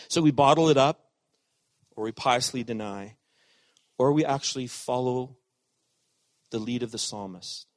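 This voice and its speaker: A middle-aged man preaching a sermon as pastor, animated, swinging from loud emphatic lines to hushed asides. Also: mid-range voice, no echo.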